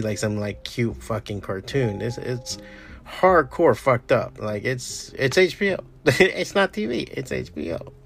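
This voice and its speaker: A man chatting casually and enthusiastically about shows and comics, swearing often and trailing off into quieter mumbles. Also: medium pitch. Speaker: comic artist streamer. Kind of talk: casual rambling chat.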